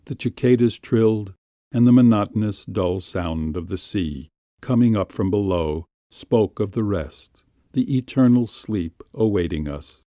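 A man calmly narrating a classic story in a measured, unhurried way. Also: fairly low pitch, no room sound, studio quality. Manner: calm, measured, unhurried reading.

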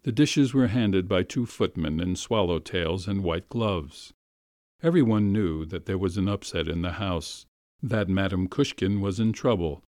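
A man narrating a classic story with a measured, expressive reading. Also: deep voice, dry recording, studio quality.

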